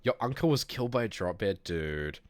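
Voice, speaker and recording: Male streamer, low voice, dry close sound, casual and rambling, unwell. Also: expressive, brisk, no echo. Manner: rambling, jokey, many fillers and restarts. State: sick. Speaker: livestream host. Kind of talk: casual chat reading viewer messages.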